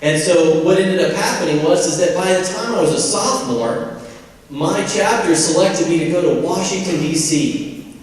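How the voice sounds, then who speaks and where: A man's voice: fairly high pitch, normal speed. A man in his forties from Indiana giving a folksy, humorous motivational speech as a convocation speaker. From Indiana, USA. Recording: echoey hall from far off.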